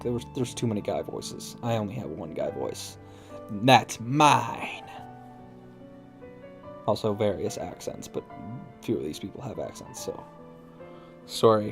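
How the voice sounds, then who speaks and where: A low-voiced man with a gravelly, creaky edge and lively pitch reads a visual novel aloud. He breaks in with wry, sweary asides at his own slips, and faint game music plays behind him. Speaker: let's play host. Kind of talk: casual visual novel read-through.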